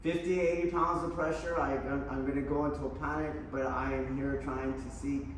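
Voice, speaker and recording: A man's voice: medium pitch, flat delivery, a little fast, a little hiss or hum. A man teaching an aikido class, blunt and profane, pressing his students with challenging questions. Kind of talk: mat-side teaching talk. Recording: very echoey hall, voice from far off.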